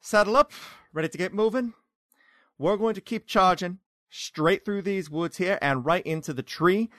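A man's voice: high-pitched, normal speed, dry recording, studio quality, pitched above the performer's own voice. A man putting on a folksy drawling rider. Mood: cheerful. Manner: folksy, warmly flattering. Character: friendly drawling human man rider, about forty.

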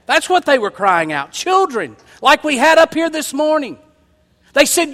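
A man preaching a sermon as pastor, building from quiet explanation to loud, emphatic calls. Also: very high-pitched, very animated, measured pace. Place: church sanctuary. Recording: long hall reverb.

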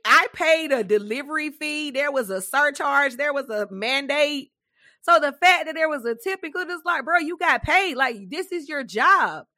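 A young adult woman co-hosting a podcast, telling a story as a casual rant, animated, loud and dramatic, laughing often. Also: sits high. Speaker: podcast co-host.

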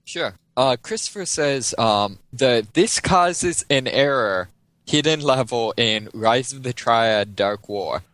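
A man's voice: slow pace, no echo. A man reading out listener messages in a casual chat and reacting with amusement. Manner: animated, breaks into high yelled voices when acting out a story.

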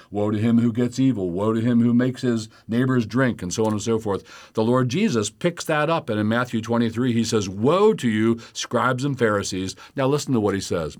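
A male pastor answering listener questions with Bible teaching, reading scripture aloud and explaining it verse by verse, his voice rising sharply when he quotes taunts. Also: mid-range voice. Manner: animated, rises sharply when quoting taunts.

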